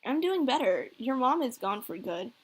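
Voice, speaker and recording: A woman's voice: high-pitched, big pitch swings, normal speed, breathy edge, exaggerated voice. A woman voicing a goofy, teasing middle-aged single father from a visual novel. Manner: joking, corny dad teasing.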